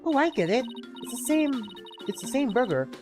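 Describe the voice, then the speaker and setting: A woman's voice: high voice, moderate pace, pitched above the performer's own voice. A woman doing a chirpy young spirit medium girl. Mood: excited. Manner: excited, chirpy. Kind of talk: reading game dialogue aloud on a livestream. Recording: game music playing behind.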